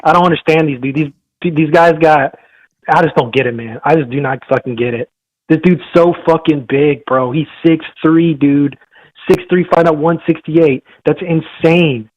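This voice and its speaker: A man's voice: a little high, moderate pace, no echo, muffled recording. A man calling into a boxing podcast, ranting bluntly with lots of swearing. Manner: profane, blunt trash talk. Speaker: caller. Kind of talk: call-in boxing rant.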